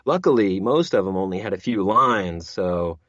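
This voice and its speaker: A man's voice: low voice, animated, normal speed, a bit bright, no echo, dull audio. A man who narrates audiobooks, chatting as an interview guest, rambling with many restarts and repeated words. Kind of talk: casual interview chat.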